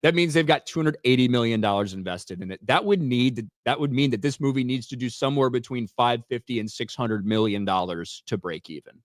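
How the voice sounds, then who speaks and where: A man's voice: mid-range voice, a little fast, few pauses, no echo, clean studio sound. A young man co-hosting a casual podcast chat, blunt and dismissive, swearing freely. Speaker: co-host.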